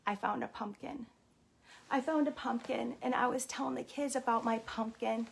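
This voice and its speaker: A woman telling an animated, mock-stern story while playing a thief character, with sudden exclamations and repeated catchphrases. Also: high-pitched, normal speed, creaky, breathy edge. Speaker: daycare owner vlogger.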